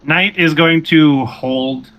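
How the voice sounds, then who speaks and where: A man running a tabletop role-playing game, narrating scenes in a measured, descriptive way. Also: fairly high pitch, lo-fi sound, slight background noise. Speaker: game master.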